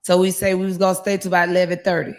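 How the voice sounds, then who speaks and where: A woman tells her story in a lively, loose way. She acts out the voices of the people in it and curses casually as she goes. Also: fairly low pitch, very fast. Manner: animated storyteller, acts out quotes, swears casually. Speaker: guest, raffle winner.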